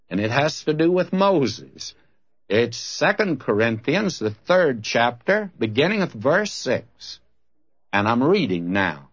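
A preacher delivering a sermon, his husky voice rising and falling in an animated way as he moves between stories and scripture. The sound is dull and lo-fi, like an old tape of a church talk. His manner stays earnest and conversational throughout. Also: medium pitch. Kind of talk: sermon with storytelling and scripture reading. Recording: dull lo-fi recording.

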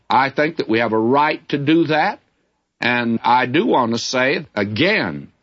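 An older man teaches scripture in a plain, middle-pitched voice, speaking in a candid, folksy way. The recording sounds somewhat muffled and lo-fi, like an old broadcast tape. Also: a bit bright. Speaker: Bible teacher. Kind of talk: Bible teaching sermon. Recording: dull lo-fi recording.

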